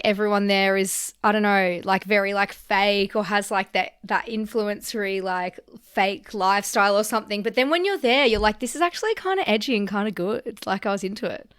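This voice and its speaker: A woman's voice: medium pitch, fairly bright tone, clean tone. A young Australian woman hosting a podcast, chatting casually and laughing easily. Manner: bubbly, quick to laugh, chatty. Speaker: podcast host.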